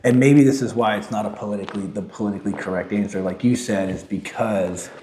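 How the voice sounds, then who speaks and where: A man's voice: lowish voice, fairly even intonation, fast talker, mellow, roomy sound, slight background noise. A young man co-hosting a podcast, casual chat, thinking aloud with lots of "like" and restarts. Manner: reflective, filler-heavy conversational talk. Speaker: podcast co-host.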